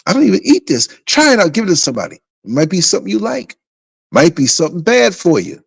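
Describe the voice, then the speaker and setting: A man voicing an offhand restaurant worker handing off leftover food in a hurried, breezy way. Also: high voice, sing-song, vocal fry, breathy edge, no room sound, studio quality, voice pushed up, heavily acted.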